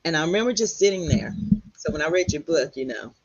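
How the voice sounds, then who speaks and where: Middle aged texas lady, husky voice, animated storyteller, muffled sound. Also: deep voice, fast. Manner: animated, quotes others in lively voices. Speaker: guest. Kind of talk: storytelling in conversation. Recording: dull lo-fi sound.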